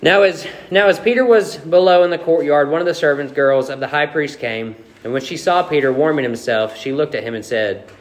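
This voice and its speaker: A man preaching a sermon to a congregation, reading scripture and asking the room lively rhetorical questions. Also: fairly high pitch, fairly quick. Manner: leads a soft, quiet prayer before preaching. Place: church meeting room.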